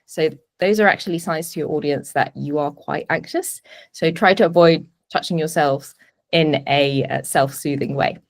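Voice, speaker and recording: Lower-voiced woman coaching in a webinar. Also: moderate pace, creaky. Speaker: presentation coach. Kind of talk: webinar teaching. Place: home office. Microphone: video call webinar.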